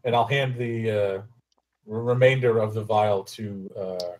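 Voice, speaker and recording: Player, male, lowish voice; stammers and restarts while speaking in character. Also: steady tone, a little slow, darkish tone. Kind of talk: playing a tabletop game in character.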